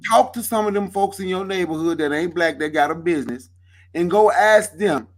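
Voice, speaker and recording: Husky, high-voiced man arguing. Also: moderate pace. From Mississippi. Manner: emphatic, argumentative, drops into low intent tones. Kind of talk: heated debate.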